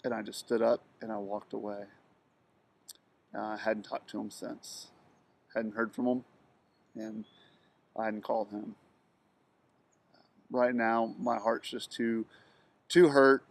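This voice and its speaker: A middle-aged man talking through a personal story in a halting monologue, with many ums and restarts. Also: medium pitch, vocal fry. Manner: halting, with frequent ums and restarts, flat delivery. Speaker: video blogger telling a personal story.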